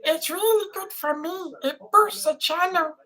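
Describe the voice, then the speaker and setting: A woman doing a high, squeaky helium-style voice with chirpy sales-pitch patter. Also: a little slow, sharp tone, heavily acted. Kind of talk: live stream chat.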